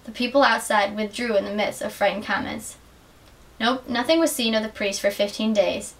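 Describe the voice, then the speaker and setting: A young adult woman giving an earnest, measured dramatic reading of literary excerpts as a student reader. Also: mid-range voice, fairly bright tone. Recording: distant mic with faint hiss.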